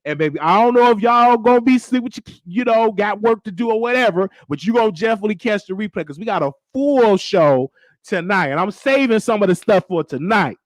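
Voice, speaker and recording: A man's voice: high voice, animated, fairly quick, no echo. A man who hosts and does comedy, talking casually and sassily to his live-stream viewers, often checking in with "okay?". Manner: sassy, addresses viewers as baby and checks in with okay. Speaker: host and comedian.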